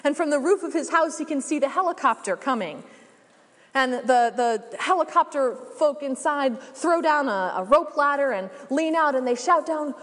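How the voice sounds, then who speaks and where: Female preacher, reflective sermon delivery, higher voice, reverberant hall. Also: lively intonation, fairly bright tone. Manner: storytelling, measured and reflective.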